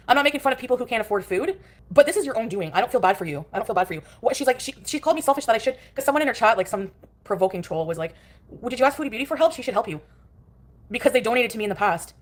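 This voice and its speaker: A woman livestreaming from her couch, ranting angrily and profanely at rivals in a cutting, confrontational tone. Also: a little high. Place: at home on a couch.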